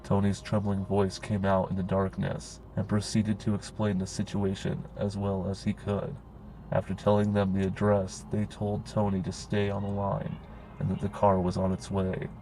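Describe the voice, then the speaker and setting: A man narrating a horror story in a grim, steady storytelling manner. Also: on the low side, normal speed, a little hiss or hum, poor audio.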